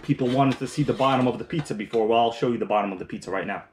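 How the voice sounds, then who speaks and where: A man's voice: medium pitch, racing, a little hiss or hum. A man hosting a casual live stream, chatting while eating and reading viewer comments aloud, rambling with restarts. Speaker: livestream host.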